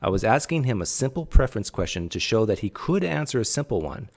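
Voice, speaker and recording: A man with a strained, tiring voice giving casual commentary, clearing his throat often and dropping sarcastic asides. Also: medium pitch, sing-song, fast talker. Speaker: channel host critiquing a recorded conversation.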